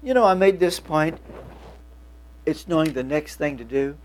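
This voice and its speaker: A man's voice: a little high, moderate pace, slight background noise. A man in his seventies preaching a sermon to a congregation, folksy and joking, with a lingering cough. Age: 70s. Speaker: pastor.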